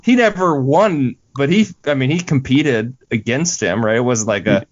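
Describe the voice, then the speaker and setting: A man's voice: mid-range voice, expressive, normal speed, highs cut off. A man hosting a podcast, asking questions and steering the discussion in a casual chat. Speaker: podcast host.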